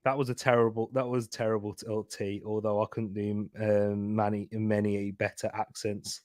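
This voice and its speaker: With a low, level voice and a darkish tone, the young host of a live football watchalong keeps a normal speed. He's chatty and full of banter, laughing often during his casual match commentary. There's no echo, and the sound is studio quality.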